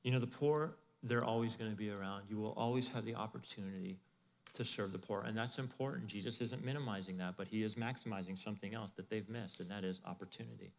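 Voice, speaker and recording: A male pastor giving a sermon in a conversational, animated way, with asides to the congregation. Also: lowish voice, quick pace, vocal fry, long reverb tail. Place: church in Arizona.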